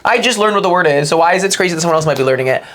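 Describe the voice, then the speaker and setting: Fast-talking young man, rambling chat. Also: on the high side, lively intonation, a bit bright. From Canada. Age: young adult. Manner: rambling, filler-heavy storytelling. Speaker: podcast co-host. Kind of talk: casual chat.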